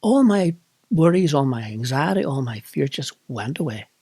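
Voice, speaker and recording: A man's voice: a little high, sing-song, normal speed, mellow, breathy edge, no room sound. A middle-aged man with a Northern Irish accent, candidly recounting a personal experience in a reflective monologue. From Northern Ireland. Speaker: vlogger.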